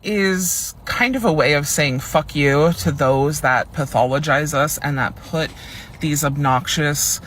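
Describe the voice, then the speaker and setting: Chatty man explaining in a higher voice. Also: a little slow, a bit bright, a little hiss or hum. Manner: chatty, reads quotes aloud, many fillers like "like". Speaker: video creator explaining terms. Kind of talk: casual explainer video.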